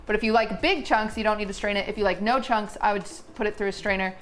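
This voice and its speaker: A woman's voice: medium pitch, steady tone, fast, fairly bright tone, soft background music. A young woman hosting a cooking livestream, chatting casually with her guest and her chat as she cooks. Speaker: streamer host cooking on stream.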